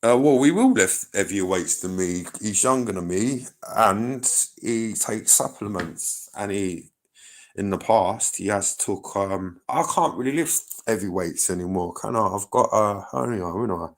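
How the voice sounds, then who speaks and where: A man's voice: on the low side, unhurried. A man, chatting loosely on his own livestream, rambling, swearing and answering his chat.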